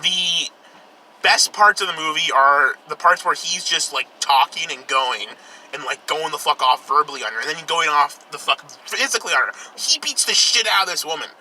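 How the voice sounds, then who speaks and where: Driving through outdoor traffic, a young man rambles through a casual film review, profane and sarcastic. His voice is fairly high, pushed and bright at a normal speed, captured in a low-quality recording with slight background noise.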